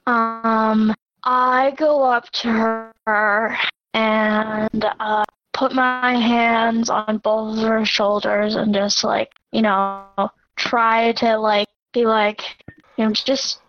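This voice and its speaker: Female player, hesitant and filler-heavy, slightly high, dull lo-fi audio. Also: level tone, very slow, a bit bright, a little hiss or hum. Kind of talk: casual tabletop play.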